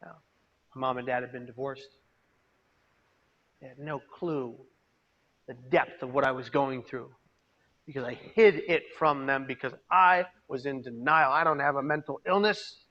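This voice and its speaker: A man giving a personal testimony as a peer mentor, storytelling dramatically and swinging between hushed and loud delivery. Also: mid-range voice, moderate pace, long pauses, highs cut off. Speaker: peer mentor and suicide prevention speaker. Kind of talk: personal testimony to a live audience. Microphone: video call.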